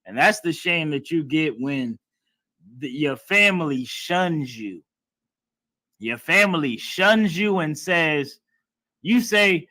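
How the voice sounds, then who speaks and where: A man's voice: on the high side, expressive, measured pace, bright, forceful tone, dry recording. A man teaching a class in a preaching style, emphatic and blunt, with casual everyday speech and some swearing. He acts out other people's lines in mocking tones.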